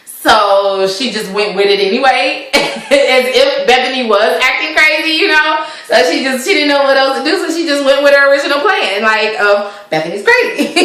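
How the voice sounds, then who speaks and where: A woman's voice: high-pitched, normal speed, fairly bright tone. A young woman recapping a TV episode in casual chat, filler-heavy and often laughing. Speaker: TV recap vlogger. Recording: very echoey room.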